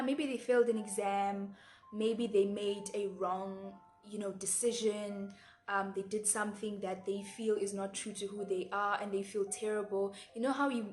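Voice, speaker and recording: A woman's voice: medium pitch, darkish tone, slight background noise. A woman in her twenties with a South African Xhosa accent, giving earnest, reflective life advice to camera in a casual vlog, often repeating words and slipping into Xhosa phrases. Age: 20s. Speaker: vlogger. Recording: echoey room with faint background music.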